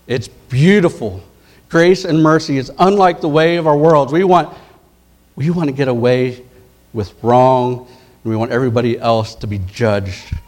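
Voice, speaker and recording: A man preaching a sermon, retelling parables in a conversational way and dropping his voice low and soft for key words. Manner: conversational storytelling, dropping to soft intense tones for quoted lines.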